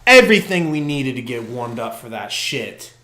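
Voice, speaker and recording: A young man doing live fan play-by-play on a podcast stream, muttering then shouting as plays unfold, on a poor microphone. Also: mid-range voice, normal speed, echoey room. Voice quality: profane, partisan fan commentary. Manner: excitable, swings from muttering to shouting. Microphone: poor quality microphone.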